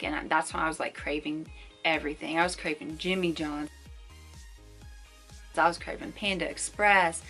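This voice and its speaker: A woman's voice: deep voice, bright, forceful tone. A woman in her twenties talking casually to camera as a vlogger, chatty and full of fillers and asides.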